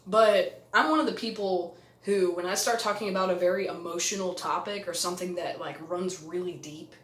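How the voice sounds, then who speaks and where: A young adult man talking candidly in a personal vlog, reflective and halting, with frequent restarts. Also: sits high, fairly bright tone. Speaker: vlogger. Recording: echoey room.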